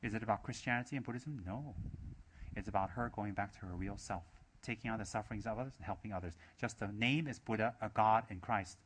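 A man's voice: fairly low pitch, fast, a little hiss or hum. A man giving a Buddhist dharma talk, emphatic and repetitive, asking many rhetorical questions. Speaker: Buddhist teacher.

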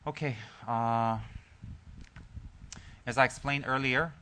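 A Buddhist teacher, male, offers a Dharma talk to his group, opening with jokes before moving into a calm, gentle story full of pauses and restarts. His voice sits in the mid range, with a bit of noise in the background.

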